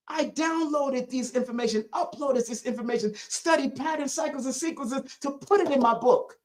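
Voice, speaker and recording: A man's voice: normal speed, few pauses. A man hosting a live-streamed spiritual lesson, preachy and emphatic, repeating lines for weight. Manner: swings between loud high bursts and low quiet asides.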